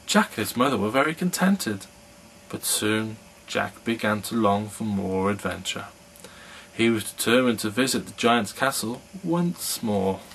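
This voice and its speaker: A man reading a fairy tale aloud as a storyteller, in an unhurried read-aloud manner. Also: fairly low pitch, animated, a bit bright, slight background noise, rough recording.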